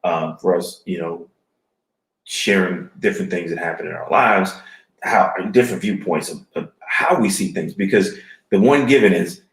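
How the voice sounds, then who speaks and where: Low-voiced guy in his 40s musing slowly, lots of restarts, roomy studio sound. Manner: halting, reflective, many restarts. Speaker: podcast co-host. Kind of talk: casual chat.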